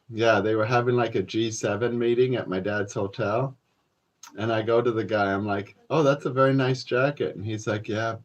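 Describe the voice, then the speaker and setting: A man from Canada rambling casually and profanely to his viewers, calling them folks, with plenty of fillers. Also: lowish voice. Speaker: vlogger. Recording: dull lo-fi sound.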